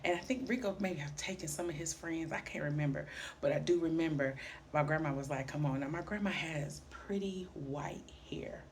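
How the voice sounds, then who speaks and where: Animated woman storyteller. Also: low voice, moderate pace, a little hiss or hum. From Highland Park, Michigan, near Detroit. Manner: animated, lively storyteller who acts out quoted voices. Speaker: vlogger. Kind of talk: personal storytelling vlog.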